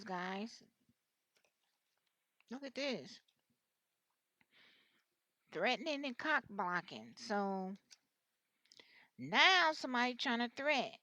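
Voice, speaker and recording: A woman's voice: medium pitch, a bit bright, no echo. A woman giving a casual tarot reading, talking bluntly in rambling, slangy speech full of cussing. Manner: blunt, slangy and openly vulgar; rambling, with frequent restarts. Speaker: tarot reader.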